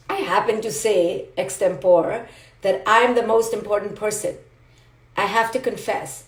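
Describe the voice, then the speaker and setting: A woman's voice: medium pitch, darkish tone, roomy sound. A woman psychologist giving a live motivational talk, emphatic and repetitive, speaking directly to her listeners. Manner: emphatic, repetitive, direct address with acted asides.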